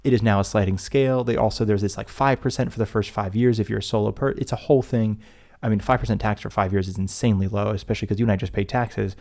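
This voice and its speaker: A man's voice: on the low side, fairly even intonation, quick pace, a little mellow. A man co-hosting a podcast in casual chat, rambling and often breaking off mid-sentence. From United States. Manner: rambling, self-interrupting, chatty. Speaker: podcast co-host.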